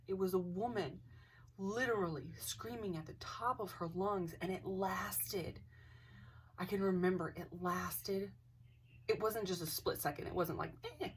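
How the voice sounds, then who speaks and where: A woman's voice: mid-range voice, husky, recorded from a distance. A young woman casually telling a ghost story, hesitant, with many restarts and dips into near-whispers.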